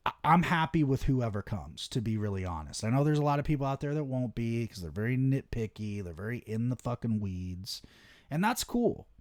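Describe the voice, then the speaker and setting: A young man hosting a wrestling show, ranting excitedly in casual solo commentary with lots of swearing. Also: mid-range voice, a little fast, no echo, clean studio sound. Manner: excitable, heavy swearing, animated rants.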